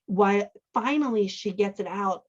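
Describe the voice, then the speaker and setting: On her show, a woman serving as host and dialogue editor teaches dialogue in a relaxed chat while editing a manuscript, frequently asking "right?" as she thinks aloud. Her medium-pitched voice is unhurried, with a lo-fi sound.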